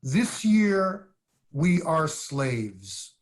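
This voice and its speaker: A rabbi with a fairly high, very animated voice moderates a livestream discussion over a video call. He asks questions and reflects in a measured, deliberate way.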